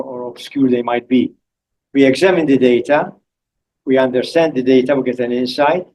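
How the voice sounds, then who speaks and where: An older man lectures to a public audience in a husky, slightly rough voice. He speaks at a middle pitch and at a measured pace, pausing often to make his points. Now and then he spells words out letter by letter. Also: a little mellow, rough recording. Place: lecture hall.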